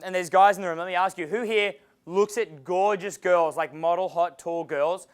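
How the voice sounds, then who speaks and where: Australian male coach, high voice, animated, profane seminar delivery, acts out dialogue. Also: normal speed, smooth. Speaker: dating coach giving a seminar. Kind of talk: live seminar talk. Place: seminar room with an audience.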